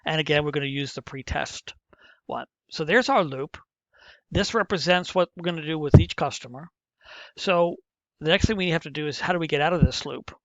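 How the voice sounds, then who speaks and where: In a screen-recorded coding lesson, a middle-aged male teacher goes through programming step by step, muttering to himself while typing. His voice is a little high, a bit bright, and fairly quick, captured dry with no echo on a muffled, dull lo-fi mic.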